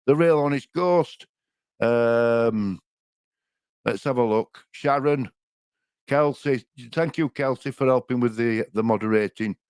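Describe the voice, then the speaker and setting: A man's voice: mid-range voice, takes it slowly, a little mellow, smooth, no echo. Chatty older Yorkshire man, dry sound. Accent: Yorkshire English. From Yorkshire, England. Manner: chatty, chuckling, homely, rambling. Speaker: livestream co-host. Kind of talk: casual chat.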